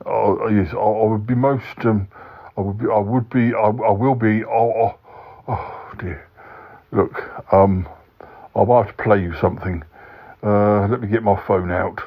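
A man's voice: fairly low pitch, fairly even intonation, unhurried, slightly rough. Man doing a stammering, dithering yeti uncle. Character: timid, fussy male yeti uncle. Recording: dull lo-fi recording.

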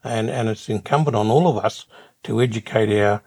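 Older Australian man, husky gravelly interview guest, thoughtful and unhurried. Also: fairly low pitch, a little mellow. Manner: measured, repeats words as he thinks. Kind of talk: reflective interview answers.

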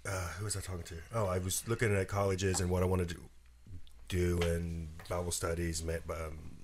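A man's voice: sits low, little pitch movement, normal speed, a little hiss or hum. A man co-hosting a podcast in casual chat, rambling through stories with chuckling asides. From southern West Virginia. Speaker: podcast co-host.

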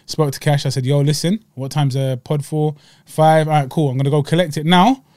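A young man, telling a casual story on a podcast, animated and full of slang and punchy sound words. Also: on the high side, brisk, no room sound, clean studio sound. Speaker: podcast co-host.

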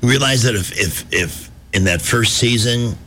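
A man's voice: mid-range voice, moderate pace, fairly bright tone, slight background noise. A man hosting a radio talk show in a wry, joking, conversational way. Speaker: fill-in radio talk host.

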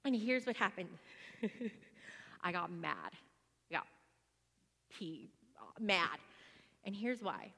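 A woman in her forties telling a personal testimony to a church gathering in a chatty, animated way, with many fillers. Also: medium pitch, slow pace, gravelly, long pauses, big-room sound.

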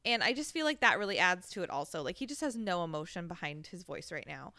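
A woman's voice: fairly low pitch, sing-song, quick pace, sharp tone, no room sound, clean studio sound. A woman chatting casually as she recaps a novel for her co-hosts, reading passages aloud and laughing often. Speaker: book club podcast co-host.

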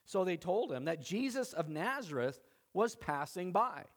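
A male pastor preaching a sermon with animated, dramatic storytelling, acting out the quotes. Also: high voice, measured pace.

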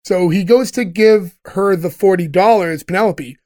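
Guy with a pretty high voice, chatty recap, laughs a lot. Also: normal speed, dark tone. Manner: chatty, laughs often while retelling scenes. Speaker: podcast host recapping a TV episode. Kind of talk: casual chat.

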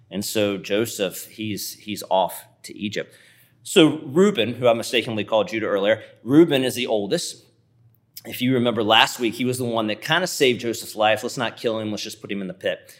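A man's voice: fairly low pitch, fairly bright tone. A man preaching a sermon, retelling a scripture story in a vivid, conversational way.

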